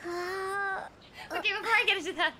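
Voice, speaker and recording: A woman's voice: extremely high pitch, steady tone, moderate pace, bright, forceful tone. A woman voice actor chatting casually with viewers during a game live stream, playful, giggly and teasing herself. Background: game music.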